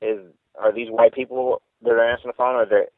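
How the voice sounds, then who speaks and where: A man's voice: medium pitch, flat delivery, fast, no echo. A man calling in as a comedian guest, talking casually and rambling with lots of fillers. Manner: laid-back, rambling with many fillers. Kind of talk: casual chat. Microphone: phone. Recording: tinny phone line.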